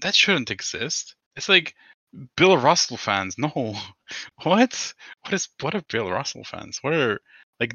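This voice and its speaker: A man's voice: mid-range voice, bright, forceful tone, no room sound. A man co-hosting a podcast in casual chat, rambling and swearing, laughing often. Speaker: podcast co-host.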